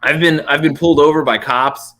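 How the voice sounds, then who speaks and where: A man, a podcast guest, telling stories in casual, animated chat full of fillers and swearing. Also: on the high side, a little fast. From United States.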